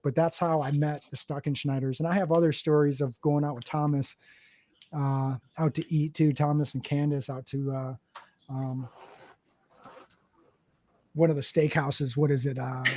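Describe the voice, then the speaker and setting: Man, podcast host, dark mellow tone, fairly high voice, animated profane storytelling, dry close mic. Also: a little slow, long pauses. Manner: animated, profane, acts out quotes. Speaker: podcast host, Marine veteran. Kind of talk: casual storytelling.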